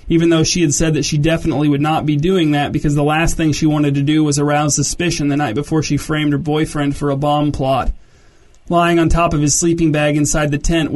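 A man narrates a story in a steady, scripted read. His voice sits fairly high for a man and barely moves in pitch.

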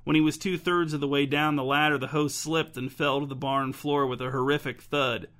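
A man narrating a story in a steady, measured audiobook style. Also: on the high side.

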